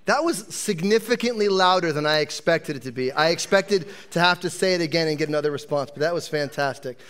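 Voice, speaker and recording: A man's voice: a little high, expressive, brisk, fairly bright tone, smooth. A man who is an associate pastor, preaching a sermon in a chatty, joking way to a live congregation.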